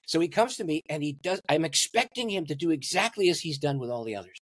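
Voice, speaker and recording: A man's voice: on the high side, animated, fast, fairly bright tone, no echo. A man, a pastor and guest, telling a story in an interview and laughing at his own stories.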